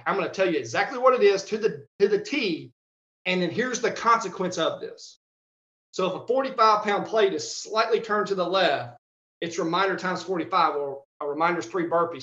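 A man who coaches strength at a high school, telling stories in a casual podcast chat, animated and acting out quotes with laughs. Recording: roomy, slightly dull audio.

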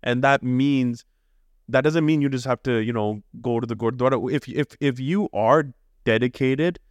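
A young Canadian man co-hosting a podcast, talking with passion and preaching hard, swearing freely and jumping to high emphatic peaks. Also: moderate pace, dry recording. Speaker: podcast co-host. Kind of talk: casual podcast chat.

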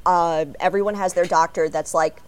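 A woman from Chicago with an American accent, telling animated stories as a fan on a panel before a live audience. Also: fairly low pitch, normal speed, no room sound. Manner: expressive, animated storytelling.

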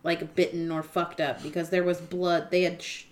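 A woman co-hosting a podcast chats casually in a lowish, flat voice at normal speed. She rambles, using lots of fillers and swearing.

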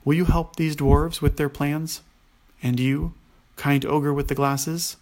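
A man's voice: medium pitch, moderate pace, natural voice. A man voicing a gracious, commanding young princess.

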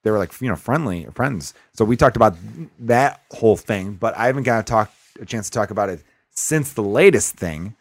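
A man's voice: on the low side, expressive, brisk, no room sound. A man in his thirties from Chicago, a comedian hosting a podcast, telling stories in a profane, ranting way. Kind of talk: casual podcast chat.

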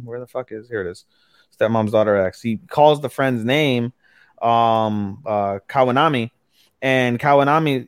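A man's voice: mid-range voice, no echo, clean studio sound. A man co-hosting a podcast, recapping an anime episode in a casual, profane way and acting out the characters' quoted lines. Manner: swears often, recaps plots with quoted lines. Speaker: podcast co-host.

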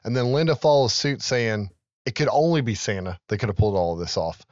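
A man's voice: on the low side, lively intonation, fairly quick, a little mellow, no echo, highs cut off. A man in his thirties, a podcast co-host, recapping a film in casual chat and acting out its lines with laughs.

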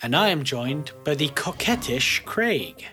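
A man's voice: a little high, very animated, measured pace, bright, forceful tone, faint music behind. A man chatting as a player on a tabletop podcast, making dry one-liners. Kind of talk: casual podcast banter.

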